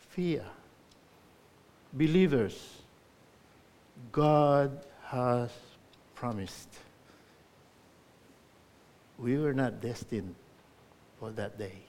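Male preacher, mid pitch, earnest sermon with emphatic swells and quiet drops. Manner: earnest exhortation with emphatic rises and soft drops.

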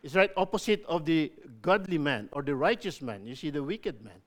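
A man's voice: a little high, lively intonation, normal speed. A man preaching a sermon, explaining scripture with emphatic repetition. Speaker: pastor.

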